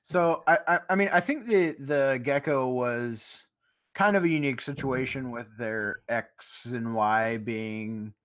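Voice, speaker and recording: Hesitant mid-pitched young man. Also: measured pace, fairly bright tone. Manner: hesitant, many fillers and restarts. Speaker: live stream co-host. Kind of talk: casual live stream chat.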